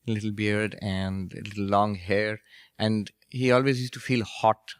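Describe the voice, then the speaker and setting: A monk and spiritual teacher giving a storytelling lecture, anecdotal and gently humorous. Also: male voice, on the low side, level tone, measured pace, clean tone, dry recording, studio quality. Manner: anecdotal, gently humorous, laughs at his own stories.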